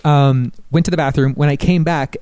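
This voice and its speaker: A man's voice: a little high, steady tone, moderate pace, dark tone, smooth, no room sound. A man co-hosting a casual podcast chat, talking in a chatty, agreeable way with many fillers. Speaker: podcast co-host. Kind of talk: casual chat about a video game.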